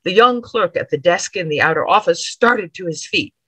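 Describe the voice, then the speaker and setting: A woman author reading her own period story aloud in a measured, expressive way. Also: on the low side, husky, dry recording, rough recording. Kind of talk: dramatic reading of period fiction.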